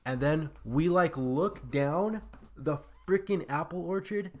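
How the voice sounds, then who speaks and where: A man's voice: fairly high pitch, slow pace. A man telling a funny personal story in a casual, rambling way, full of fillers, over game footage. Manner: rambling, filler-heavy, animated. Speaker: gaming YouTuber.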